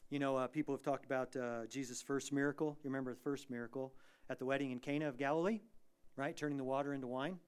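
A man preaching a sermon as pastor, dynamic, moving between hushed lines and loud, emphatic bursts. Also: mid-range voice, fairly even intonation, fast, smooth. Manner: acts out quoted prayers and voices.

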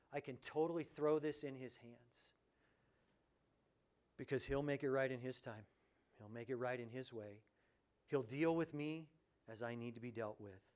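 A man preaching a sermon as pastor, animated, swinging between loud exclamations and hushed, quiet lines, and acting out quoted voices. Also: mid-range voice.

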